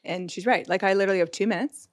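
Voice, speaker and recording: A woman's voice: medium pitch, racing. A woman in her late forties, a guest on a live podcast panel, chatting eagerly through her favorite products in front of an audience. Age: 40s. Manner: chatty, enthusiastic product rundown. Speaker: jewelry brand founder, guest. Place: busy pop-up shop before a live audience.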